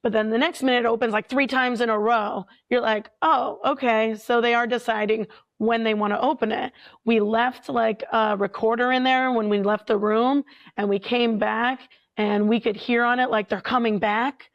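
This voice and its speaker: A woman with a fairly high voice, a paranormal investigator guest telling a story. She talks casually and animatedly, with plenty of filler words. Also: steady tone, moderate pace, lo-fi sound.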